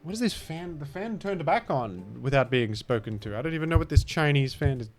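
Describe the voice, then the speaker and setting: A man's voice: on the high side, animated, brisk, faint music behind. A man with an Australian accent, a gaming streamer giving rambling, self-deprecating commentary that trails off into mumbled asides. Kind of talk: casual rambling game commentary.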